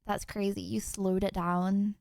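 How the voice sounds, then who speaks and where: A woman's voice: medium pitch, level tone, unhurried, vocal fry, a little mellow, dry recording, studio quality. A young woman streamer chatting casually with her viewers in a rambling, giggly way. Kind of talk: casual livestream chat. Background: music.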